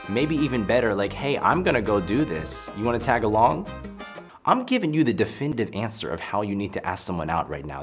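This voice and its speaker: A man giving casual, emphatic advice on conversation, acting out example lines. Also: deep voice. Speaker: social skills coach. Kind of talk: casual advice talk to camera.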